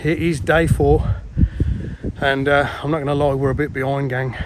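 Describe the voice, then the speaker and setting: A man's voice: medium pitch, level tone, moderate pace. Chatty man vlogging a dig. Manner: chatty, mild swearing, calls viewers guys. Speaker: pond builder vlogging his project. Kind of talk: casual on-site vlog. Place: outdoor building site in a garden. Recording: music playing underneath.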